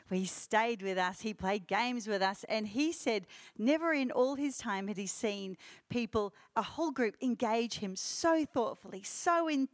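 A woman telling a church congregation an animated story from a mission trip, acting out the people she quotes. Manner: acts out quoted voices with rising pitch. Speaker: church speaker reporting on a youth mission trip.

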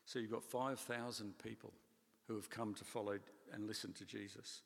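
A man preaching a sermon in a conversational, animated way, with playful asides. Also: lowish voice, normal speed, vocal fry, in a large hall. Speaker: pastor.

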